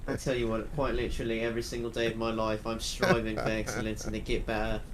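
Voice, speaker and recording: A man's voice: fairly low pitch, completely flat delivery, fast, noisy background, lightly acted. A man putting on a put-on British accent to play a pompous, boastful Oxford professor. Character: pompous British Oxford don, self-satisfied.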